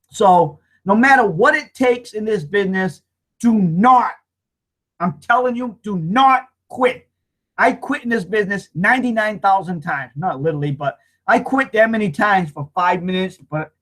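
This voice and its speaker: A man's voice: sits high, a bit bright. A man in his fifties talking straight to his webcam, earnest and rambling, often repeating himself as he hosts a weekly online hangout. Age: 50s. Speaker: marketing hangout host. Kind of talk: casual heartfelt monologue.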